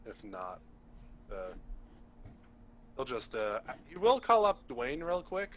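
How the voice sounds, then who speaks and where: A man playing in a tabletop role-playing game, talking haltingly and thinking aloud with many pauses. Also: medium pitch, sing-song, slight background noise. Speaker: player.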